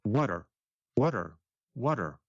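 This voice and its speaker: Guy co-hosting an english podcast, slow and animated, dry dull-ish sound. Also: medium pitch, no room sound. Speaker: co-host. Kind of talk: scripted educational podcast.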